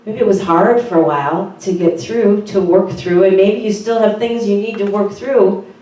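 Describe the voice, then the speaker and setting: A woman's voice: medium pitch, moderate pace. Woman pastor, conversational sermon, church sanctuary, far from the mic, strong echo. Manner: earnest, conversational, with soft fillers. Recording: very echoey room from far off.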